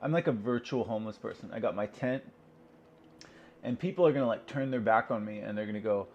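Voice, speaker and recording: A vlogger vents at home in a rambling solo rant, his voice on the low side, fairly quick and darkish in tone. The recording is dull and lo-fi with a little hiss or hum, and he swears freely, talks to himself, and asks and answers his own questions.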